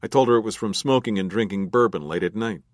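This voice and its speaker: A man playing a dogged, sardonic middle-aged FBI agent, talking in a flat, world-weary way in a crime audiobook. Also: on the low side, fast, dry recording, studio quality, lightly acted.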